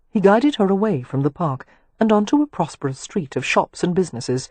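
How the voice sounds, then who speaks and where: An audiobook narrator reading a period romance in a measured, even storytelling manner. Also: medium pitch, no echo. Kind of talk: scripted narration.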